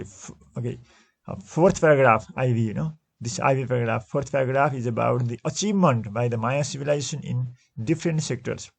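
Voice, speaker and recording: Gravelly-voiced man teaching a class. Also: medium pitch. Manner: slow, repetitive, restates answers with frequent self-corrections. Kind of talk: classroom lesson going through textbook exercises.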